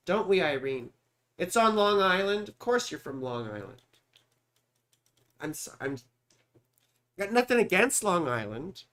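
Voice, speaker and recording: Sharp-toned and sitting high, the voice belongs to a Californian astrologer in his forties. During a relaxed live stream he rambles through chart readings, mutters while hunting for things, and calls out to viewers by name.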